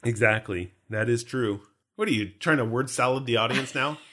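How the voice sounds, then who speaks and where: A man's voice: mid-range voice, normal speed, a bit bright. A man co-hosting a podcast in casual, jokey chat, often laughing. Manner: chatty, jokey, frequent laughter. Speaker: podcast co-host.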